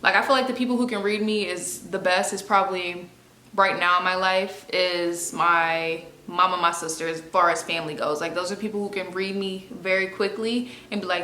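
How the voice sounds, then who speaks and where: A woman's voice: lowish voice, fairly even intonation, moderate pace, bright, forceful tone, echoey room. A young woman talking to camera in a casual, candid way, using slang and speaking expressively. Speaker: video host. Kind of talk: casual confessional talk to camera.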